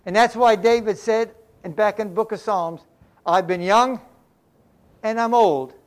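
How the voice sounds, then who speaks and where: A man's voice: sits high, a little slow. An older man preaching a sermon in a folksy, conversational way, mixing scripture with homespun stories. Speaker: pastor.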